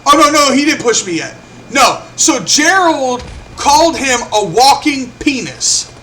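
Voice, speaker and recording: A man's voice: very high-pitched, measured pace, a little hiss or hum. A young man telling a story in a casual, profane way, acting out what people said. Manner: animated, profane, acts out quotes. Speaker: vlogger.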